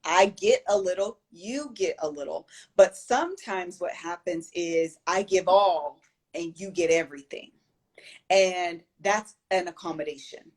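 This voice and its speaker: Woman guest, slightly breathy, earnest, chatty livestream talk. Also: on the low side, unhurried. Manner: earnest, emphatic, repeats phrases for stress. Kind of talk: casual chat on a video livestream.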